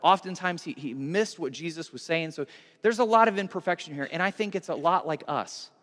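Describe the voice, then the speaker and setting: High-voiced man preaching in an echoing hall. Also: brisk. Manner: conversational, animated, with repeated restarts. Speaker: pastor. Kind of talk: sermon.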